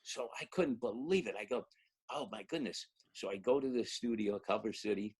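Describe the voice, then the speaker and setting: An older man, an actor guest, telling a long anecdote in an animated way, acting out the quotes and laughing often. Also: lowish voice, normal speed, husky. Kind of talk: anecdotal storytelling.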